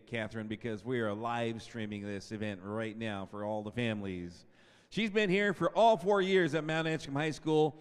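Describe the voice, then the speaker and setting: Over the PA microphone in a school gym, a fifties-aged announcer calls a senior night, stretching out each player's name and chatting between them. His voice has a medium pitch and a clean tone, with the echo of the gymnasium around it.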